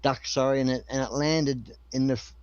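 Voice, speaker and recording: A man's voice: medium pitch, steady tone, moderate pace, a little mellow, clean tone, muffled recording. A man telling a long joke in a rambling way, with many restarts.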